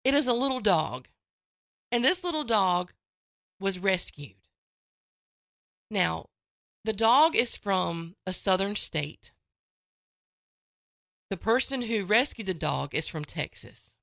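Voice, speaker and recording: A woman hosts casual morning radio in a chatty, folksy, playful style, her expressive voice swinging widely in pitch and sounding bright and crisp. She speaks unhurriedly, recorded close and dry on a studio microphone with no echo.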